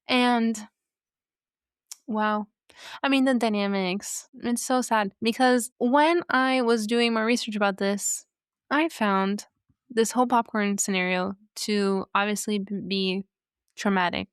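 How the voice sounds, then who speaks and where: A woman's voice: mid-range voice, measured pace, clear, resonant tone, dry recording, clean studio sound. A woman hosting a podcast, talking casually and sarcastically with rhetorical asides. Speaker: podcast host. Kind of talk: casual commentary.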